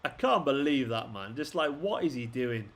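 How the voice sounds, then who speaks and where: A man's voice: medium pitch, expressive, moderate pace. A young man hosting a football watchalong stream, ranting at the players on screen and swearing often. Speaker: fan channel host. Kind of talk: live football watchalong commentary.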